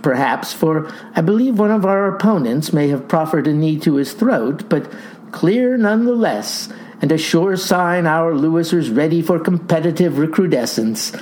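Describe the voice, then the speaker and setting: A woman with a low, mellow voice tells a comic story in the first person, leaning on grand words and folksy asides. Her delivery is slow and unhurried, yet her pitch swings widely. A faint hiss of noise sits under the recording. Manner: mock-grandiose, florid vocabulary, folksy asides.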